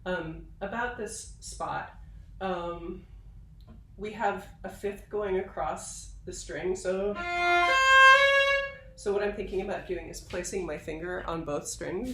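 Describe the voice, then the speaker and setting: A woman viola professor giving a patient, explanatory instrumental tutorial, pausing now and then with fillers. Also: lowish voice, echoey room, far from the mic, over loud music, poor audio. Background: viola playing.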